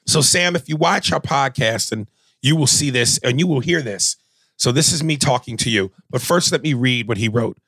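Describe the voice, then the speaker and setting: A man co-hosts a comedy podcast, chatting loosely with lots of swearing and stammered restarts. His voice is gravelly, with a bit of fry. The sound is close and dry. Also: medium pitch, normal speed, no echo. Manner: animated, profane, stammering restarts. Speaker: podcast co-host. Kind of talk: casual comedic chat.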